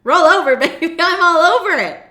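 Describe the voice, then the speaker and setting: A woman voicing an eager, dopey husband in a squeaky, gushing voice. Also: fairly even intonation, measured pace, bright, forceful tone, full character voice. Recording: roomy echo.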